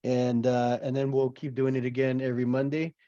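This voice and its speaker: Male host, mid-pitched, steady and encouraging; lo-fi, dry online recording. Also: brisk, no echo. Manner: calm, affirming, brief interjections. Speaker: host of a reading and discussion series. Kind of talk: casual hosted discussion.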